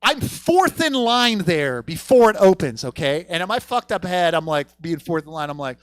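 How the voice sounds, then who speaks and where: A man doing a stand-up set on a comedy theater stage, profane, swinging from low mutters to loud punchlines. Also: sing-song, moderate pace, hardly any pauses, no echo.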